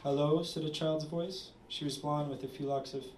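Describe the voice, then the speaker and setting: A man reading his own short story aloud at a literary event, measured with small stumbles. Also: fairly high pitch, steady tone, darkish tone, a little hiss or hum. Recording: roomy, distant audience recording.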